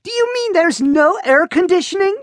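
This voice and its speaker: A man voicing a dramatic, whiny teenage girl who wails in a shrill, melodramatic way. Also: expressive, normal speed, no room sound, studio quality.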